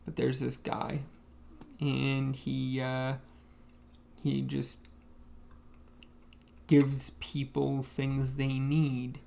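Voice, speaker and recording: A podcast co-host talking casually in a halting way, with many ums. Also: medium pitch, completely flat delivery, gravelly, mellow, slight background noise. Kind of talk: casual chat.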